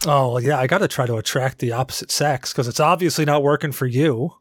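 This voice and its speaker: A man's voice: mid-range voice, fast, dry recording, clean studio sound. A man co-hosting a podcast, chatting casually and telling stories with jokey banter. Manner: rambling, animated storytelling with jokey banter. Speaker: podcast co-host. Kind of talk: casual chat.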